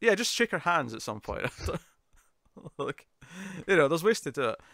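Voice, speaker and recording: A man chats through a TV episode recap with a fellow host, laughing often. He slips into animated voices when he quotes characters. His voice sits a touch high, and the sound is dry and close. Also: unhurried, gravelly, no echo. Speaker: podcast co-host. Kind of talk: casual review chat.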